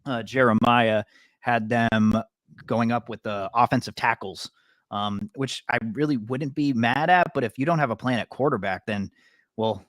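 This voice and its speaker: A man's voice: mid-range voice, normal speed, a bit bright, dry recording. British-born man, podcast co-host, rambling casual sports takes, mid voice, dry recording. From Britain. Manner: rambling, self-correcting opinions.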